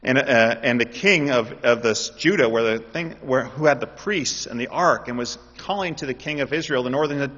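A man preaching a sermon, shifting between explaining and loud, impassioned pleas. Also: medium pitch, moderate pace, hardly any pauses. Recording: dull audio in a reverberant hall.

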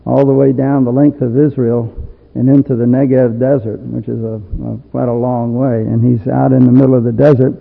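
Guy giving a sermon, kinda gravelly, slow with lots of uhs, dull lo-fi sound. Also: mid-range voice, level tone. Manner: unhurried, many fillers and restarts, reads Hebrew phrases aloud. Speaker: preacher. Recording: dull lo-fi sound in a reverberant hall.

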